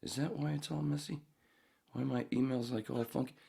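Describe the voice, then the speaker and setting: A man's voice: medium pitch, fairly even intonation, brisk, gravelly, mellow, husky. A man hosting a podcast in casual chat, joking, rambling and swearing freely. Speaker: podcast host.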